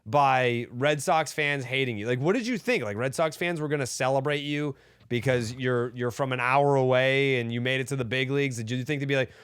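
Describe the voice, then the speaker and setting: A man's voice: medium pitch, fairly quick, a bit bright, clear, resonant tone, no echo, studio quality. A man co-hosting a sports podcast, ranting heatedly and swearing often. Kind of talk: casual sports talk.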